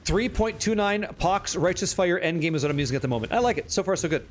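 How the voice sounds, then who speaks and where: A man streaming a game live, chatting with viewers in an excitable, casual way and swearing freely. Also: high-pitched, fast talker, a little hiss or hum. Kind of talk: live gameplay commentary.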